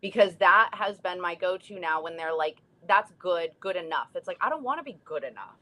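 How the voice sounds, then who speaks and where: A woman's voice: fairly low pitch, expressive, brisk, pushed and bright. A young woman co-hosting a casual talk show, speaking in an earnest, reflective way. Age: young adult. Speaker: co-host, stroke survivor. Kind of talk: casual chat.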